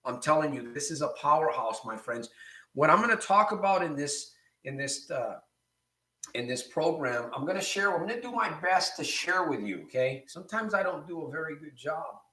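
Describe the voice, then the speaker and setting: A man's voice: a little high, animated, moderate pace, sharp tone. Encouraging male recovery coach, echoey room. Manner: encouraging, repeats phrases, reads viewer comments aloud. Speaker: recovery coach and show host. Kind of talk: live-stream motivational talk.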